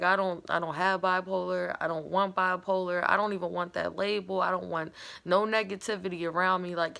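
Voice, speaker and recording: A woman's voice: lowish voice, creaky, bright, forceful tone. A woman casually retelling a personal story in a candid, rambling way with lots of fillers. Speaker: vlogger.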